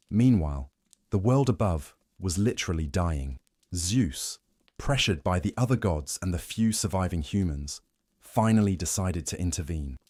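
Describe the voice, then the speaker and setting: Deep, wry man narrating a sleep story. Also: no echo, studio quality. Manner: wry, deadpan humor, speaking to the god as "you".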